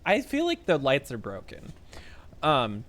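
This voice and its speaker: A man's voice: mid-range voice, huge pitch swings, measured pace, a bit bright. A man streaming a game and chatting casually, telling stories full of fillers and frequent laughter. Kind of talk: casual chat while playing a game.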